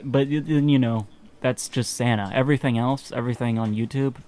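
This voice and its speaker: A young man co-hosting a podcast in relaxed casual chat, laughing easily and calling his friend dude. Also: medium pitch, a little fast. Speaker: podcast co-host.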